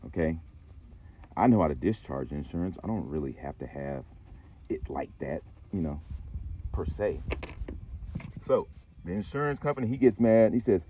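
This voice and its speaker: A low-pitched man rambles through a conspiratorial story, full of swearing, and his pitch swings widely as he goes. The sound is thin and phone-like. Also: animated, a little fast. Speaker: channel host. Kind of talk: casual storytelling vlog.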